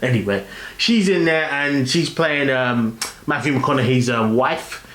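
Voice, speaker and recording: A London man with an ordinary mid-pitched voice, unhurried and a bit bright, reviews a film casually. He rambles, using many fillers and often stopping to restart, while the room gives off a noticeable echo.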